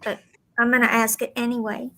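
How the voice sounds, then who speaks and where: A woman's voice: fairly high pitch, flat delivery, a little fast, vocal fry, sharp tone. A woman panelist on a video call, direct and teasing. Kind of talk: casual chat.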